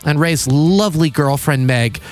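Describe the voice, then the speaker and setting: A man's voice: fairly high pitch, measured pace, soft background music. A man co-hosting a casual podcast, laughing often and swearing freely. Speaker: podcast co-host. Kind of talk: casual comedic chat.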